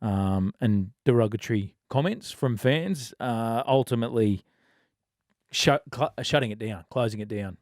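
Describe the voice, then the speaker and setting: A man reporting news on a sports radio panel, earnest and halting, with many fillers. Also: mid-range voice, lively intonation, a little mellow, no room sound, clean studio sound.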